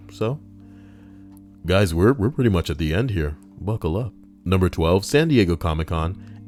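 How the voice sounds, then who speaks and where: A man with a low, somewhat dark voice hosts a countdown list, reading it casually and tossing in sarcastic, joking asides. Faint music plays in the background.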